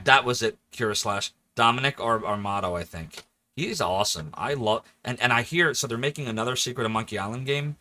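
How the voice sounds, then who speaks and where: A man in his forties from the Philadelphia area, chatting animatedly and laughing often while streaming a game. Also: lowish voice. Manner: animated, chatty, laughs often, jumps between joking voices. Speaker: livestreamer. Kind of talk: casual let's-play chat.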